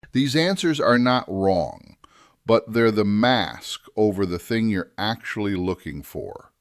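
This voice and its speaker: A man narrating a scripted writing lesson, deliberate and measured, slowing down to stress key phrases. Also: on the low side, lively intonation, no room sound, studio quality. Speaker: writing teacher.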